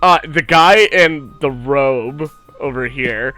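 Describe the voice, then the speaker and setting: A man's voice: mid-range voice, takes it slowly, bright, forceful tone, dry recording, faint music behind. A man narrating a tabletop game as game master in a casual, laid-back way.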